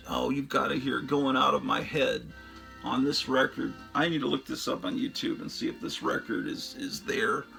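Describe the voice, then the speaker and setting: A man's voice: medium pitch, fairly even intonation, normal speed, gravelly, pushed and bright, faint music behind. A man hosting a show, chatting casually and enthusiastically about his record collection in a rambling way, often trailing off into fillers.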